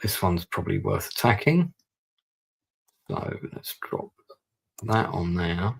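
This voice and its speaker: Low gravelly man thinking aloud. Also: animated, slow pace. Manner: thinking aloud, muttering over his moves. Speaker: streamer playing a strategy war game. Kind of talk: live-stream gameplay commentary.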